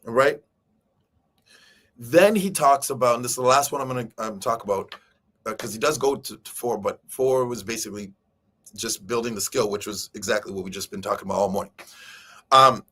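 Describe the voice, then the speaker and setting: Guy hosting a morning talk show, bright voice, chatty explainer, lots of um and right. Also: mid-range voice, a little fast, long pauses, husky. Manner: conversational, explaining with filler words and "right?" checks. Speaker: host.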